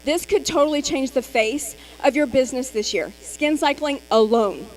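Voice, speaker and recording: Upbeat high-voiced woman co-presenting. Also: normal speed, a little hiss or hum, rough recording. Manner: upbeat, encouraging. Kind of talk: live-stream sales training.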